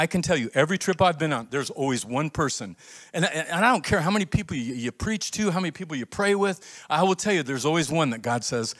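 Animated man preaching a sermon. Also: on the high side. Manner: animated storytelling, acts out quoted voices; emphatic, rising to near shouts. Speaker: pastor.

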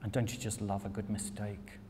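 A man's voice: lowish voice, monotone, brisk, mellow. Irreverent British man in a big echoey hall. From England. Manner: candid and irreverent, swears casually. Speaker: silversmith giving a talk. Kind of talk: lecture talk with slides. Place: lecture hall. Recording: long hall reverb, faint noise.

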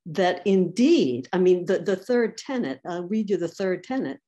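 A woman's voice: on the low side, lively intonation, moderate pace, dark tone, highs cut off. A woman speaker at a medical education symposium, giving an academic lecture with wry asides as she quotes thinkers.

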